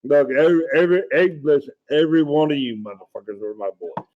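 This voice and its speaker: A man's voice: on the high side, lively intonation, fast talker. Teasing man over muffled audio. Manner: crude teasing, laughs through his words. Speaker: guest, former Marine gunny. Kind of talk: casual podcast chat.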